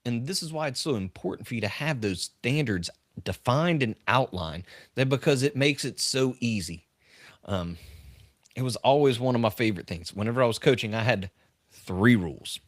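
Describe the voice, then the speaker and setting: A middle-aged man talks leadership on a live-stream podcast, in a voice of ordinary pitch. He tells stories earnestly, hammering his main points through repetition. The recording is dry and close, with no room sound. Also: lively intonation, moderate pace, dry recording. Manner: earnest, emphatic, repeats key phrases. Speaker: leadership coach and podcast host. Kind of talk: live-stream talk with storytelling.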